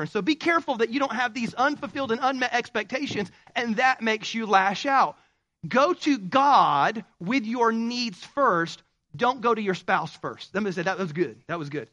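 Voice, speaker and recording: A male pastor preaching a sermon in an animated way, acting out quoted spouses. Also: very high-pitched, no room sound.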